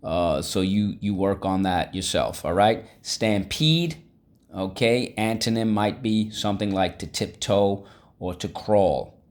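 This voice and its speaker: Slow, low-voiced man teaching vocabulary. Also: expressive. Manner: upbeat, coaxing, repeats words for students to echo. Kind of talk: vocabulary lesson to students.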